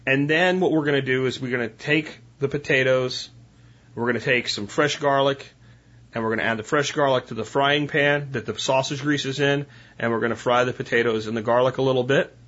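Male podcast host, husky, mid-pitched, casual how-to talk, muffled lo-fi sound. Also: fairly even intonation, a little fast, fairly bright tone. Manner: chatty, instructional, with frequent "right?" asides.

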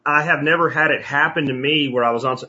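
A man hosting a podcast, chatting casually with rambling, animated asides. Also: fairly high pitch, fast talker, husky. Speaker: podcast host. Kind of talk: casual interview chat. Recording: dull lo-fi audio.

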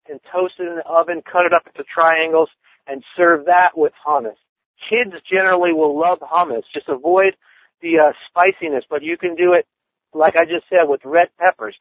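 A man's voice: a little high, fairly bright tone, no echo. A man chatting casually about cooking, rambling with lots of fillers. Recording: dull lo-fi dry sound.

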